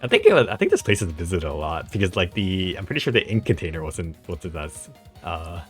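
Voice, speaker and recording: A young man with a low voice narrates his travel photos in a loose, chatty way. He rambles, laughs often, and fills the gaps with "like" and "uh". Faint music plays under his voice. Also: huge pitch swings, brisk, breathy edge. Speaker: travel vlogger. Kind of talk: casual travel vlog narration over photos.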